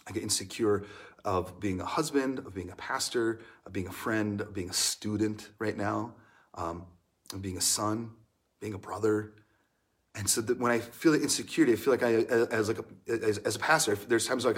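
A young adult man, a pastor, preaching a sermon in an earnest, emotional way, dropping to hushed lines and rising in bursts. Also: fairly low pitch, normal speed.

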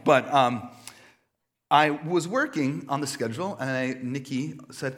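A young adult man preaching a sermon to a live audience, telling lively stories with quick asides to the crowd. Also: fairly high pitch. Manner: animated storytelling with audience asides. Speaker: pastor.

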